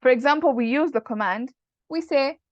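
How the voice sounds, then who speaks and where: A woman's voice: high-pitched, normal speed, no echo, highs cut off. A woman teaching Arabic grammar in a casual online lesson, explaining patiently and quoting Arabic phrases.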